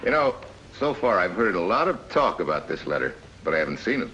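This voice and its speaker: An actor playing a dry, wisecracking American special agent in a 1950s TV drama. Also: male voice, sits low, very animated, brisk, sharp tone, lo-fi sound, full character voice. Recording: old TV soundtrack with faint hiss.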